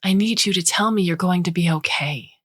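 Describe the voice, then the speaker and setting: A woman voicing a gentle robot stand-in for a loving mother, speaking softly and partly in a whisper. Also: lowish voice, a little fast, husky, no echo, clean studio sound. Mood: pleading. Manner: soft, tender, partly whispered.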